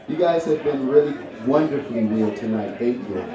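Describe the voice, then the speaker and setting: A man co-hosting a live poetry night at a bar jokes with silly wordplay and playful rhymes while hyping up the crowd. His medium-pitched voice is expressive at a normal pace, recorded from a distant mic in an echoey room with a loud audience.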